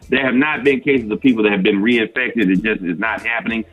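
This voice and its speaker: A man giving health advice as a doctor guest on morning radio, measured and explanatory with some hesitations. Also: on the low side, husky, faint music behind. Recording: dull lo-fi line.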